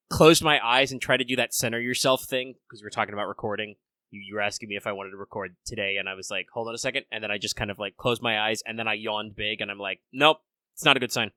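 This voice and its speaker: A man's voice: lowish voice, bright, forceful tone, dry recording. A man hosting a casual podcast chat, rambling with lots of fillers, a bit under the weather. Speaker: podcast host.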